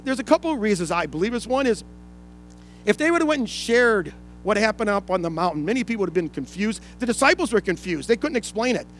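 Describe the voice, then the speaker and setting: A man's voice: extremely high pitch, fairly bright tone. A man pastor preaching a sermon in an earnest way, reading scripture aloud and explaining it.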